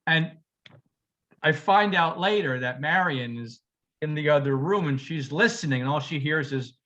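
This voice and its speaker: Guy on a home podcast rambling thru a funny story, laughing a lot, kinda higher voice, dull lo-fi audio. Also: moderate pace, pushed and bright. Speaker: podcast co-host, teacher. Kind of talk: casual chat.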